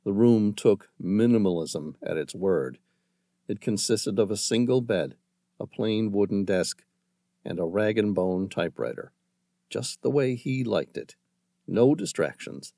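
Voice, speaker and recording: A man narrating an action thriller audiobook in a dramatic, measured storytelling manner, close to the mic. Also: fairly low pitch, animated, vocal fry, mellow, no room sound. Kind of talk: scripted narration.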